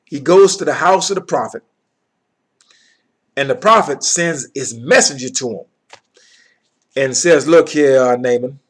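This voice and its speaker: A man's voice: on the high side, measured pace, long pauses, fairly bright tone, breathy edge. A man teaching from the Bible, reading verses aloud and then explaining them in plain words, often checking in with his listeners.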